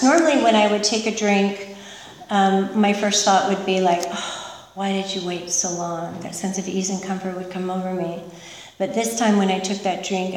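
Woman telling her story, pretty monotone, candid and emotional, far off in a big echoey hall. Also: mid-range voice. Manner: candid, emotional, halting with fillers. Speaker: recovery meeting speaker. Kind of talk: personal testimony.

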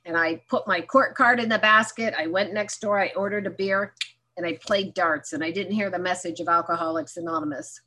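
A woman's voice: on the low side, brisk, bright, forceful tone, a little hiss or hum. A woman speaking at a recovery meeting, telling her own story frankly and acting out remembered dialogue with self-mocking humor. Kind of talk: candid personal testimony.

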